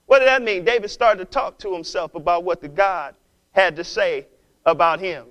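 A man's voice: high-pitched, moderate pace, a bit bright, rough recording. A man preaching a sermon with call-and-response questions and playful asides to the congregation. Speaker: pastor.

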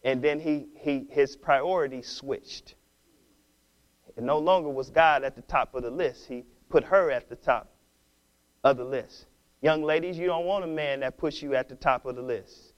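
A man pastor preaching a sermon, exhorting his congregation, repeating and restarting words and building to loud, passionate stretches. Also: mid-range voice, moderate pace, dull audio.

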